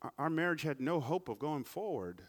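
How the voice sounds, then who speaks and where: A man preaching a sermon, swinging between big loud climaxes and quiet, humorous storytelling asides. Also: a little high, sing-song, normal speed. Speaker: pastor.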